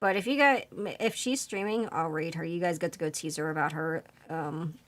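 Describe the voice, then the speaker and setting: A woman's voice: deep voice, moderate pace, faint music behind. A woman with a Philadelphia accent chatting casually on a live stream, rambling and laughing often. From Pennsylvania, US.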